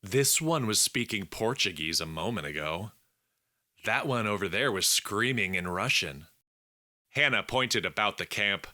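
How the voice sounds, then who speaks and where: Male audiobook narrator, slow deliberate read, very bright tone. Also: lowish voice, expressive, no echo, clean studio sound. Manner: measured, deliberate reading. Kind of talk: scripted narration.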